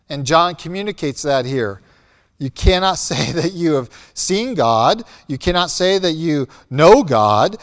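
Pastor guy preaching, blunt, kinda high voice, big reverb from the church hall. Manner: blunt, emphatic preaching that swings between loud and soft. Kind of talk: sermon.

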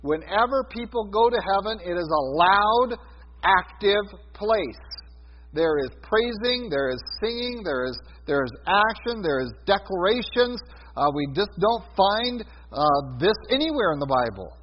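High-voiced man teaching Bible prophecy. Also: very animated, unhurried. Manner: conversational teaching with many fillers and swings in loudness. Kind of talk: sermon. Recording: dull sound with a long hall reverb.

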